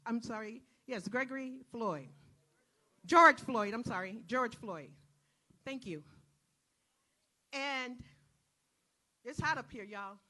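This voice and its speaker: A woman's voice: high voice, sharp tone. A woman emceeing an outdoor protest rally, leading the crowd in preacherly call-and-response and folksy asides.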